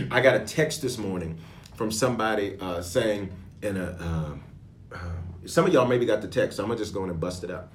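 Man preaching with loud bursts, echoey room. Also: lowish voice, fairly quick, a little hiss or hum. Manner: preaching with bursts of loud emphasis and throat clearing. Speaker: bishop. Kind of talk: sermon and prayer.

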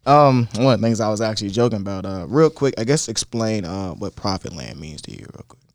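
A man's voice: fairly low pitch, expressive, brisk. A man co-hosting a podcast in a playful, joking way, often chiming in with "yeah, right.". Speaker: podcast co-host. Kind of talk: casual joking chat.

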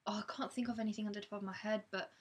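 A young woman chatting casually as a co-host, excitable and quick to exclaim. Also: medium pitch, breathy edge. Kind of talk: casual chat.

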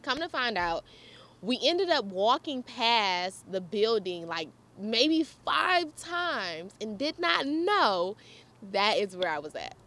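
A woman's voice: on the high side, sing-song, slow, pushed and bright. A young woman vlogger telling a personal story in a casual, chatty way, laughing often and talking straight to her viewers.

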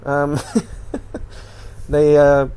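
A man's voice: fairly high pitch, completely flat delivery, very slow, dark tone, clean tone. A man hosting a casual solo podcast, rambling and swearing as he animatedly retells what he watched on TV. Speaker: podcast host.

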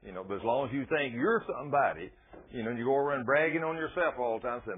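A man's voice: mid-range voice, expressive, fast talker. A man preaching a folksy, emphatic sermon and reading from scripture. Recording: tinny phone-like radio broadcast.

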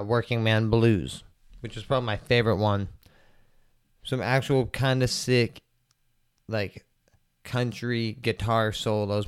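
Laid-back rambling young man, smooth voice. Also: lowish voice. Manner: rambling, profane, laid-back, lots of "like" fillers. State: stoned. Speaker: podcast host. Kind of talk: casual solo podcast chat.

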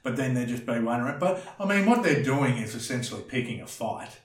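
A man's voice: medium pitch, lively intonation, fast, far from the mic. A man, a former bouncer, telling blunt and crude stories in casual podcast chat, often acting out the voices of the people in them. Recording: echoey room, a bit off-mic.

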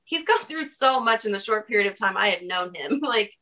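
A woman's voice: medium pitch, lively intonation, fairly quick, bright, forceful tone. A young woman co-hosting a casual podcast chat, telling a personal story in a rambling way and laughing often. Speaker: podcast co-host.

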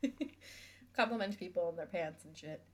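A woman's voice: fairly low pitch, normal speed. A young woman co-hosting a podcast in casual chat, blunt and teasing, with plenty of swearing. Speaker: podcast co-host.

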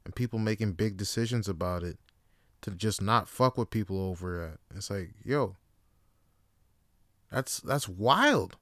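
A man hosting his own show, giving a rambling comic monologue full of swearing and deadpan asides. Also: on the low side, unhurried, pauses often, no room sound, clean studio sound. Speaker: podcast host and comedian. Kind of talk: casual comedic monologue.

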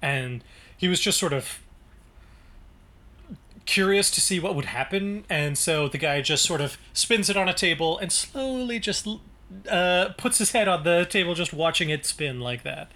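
Bright-voiced man reading and chatting. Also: sits high, expressive, measured pace. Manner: reads narration then breaks off to comment, with chatty restarts. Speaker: podcast co-host reading a novel aloud. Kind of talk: casual book-discussion podcast, reading passages aloud.

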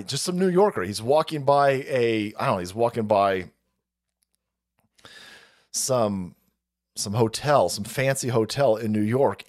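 A man hosting a livestream, ranting in a foul-mouthed, sarcastic, mocking way and breaking into laughter between phrases. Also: fairly low pitch. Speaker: livestream host. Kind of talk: profane political rant stream.

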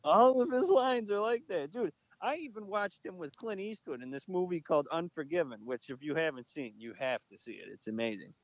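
A man co-hosting a podcast, telling stories in an animated, excitable way and laughing often. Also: fairly high pitch, brisk, hardly any pauses, no room sound, lo-fi sound. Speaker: podcast co-host. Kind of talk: casual chat.

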